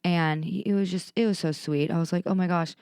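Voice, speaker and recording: Woman, slightly low pitch, dry recording, casual co-host chat, affirming. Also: fairly even intonation, smooth, dry recording. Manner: warm and affirming, quick to laugh. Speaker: podcast co-host.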